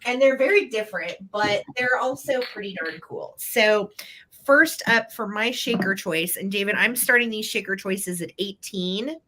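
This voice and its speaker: A woman's voice: mid-range voice, moderate pace, sharp tone, slight background noise. A woman hosting a live vintage sale, chatty and playful, laughing often as she shows collectibles and runs the bidding.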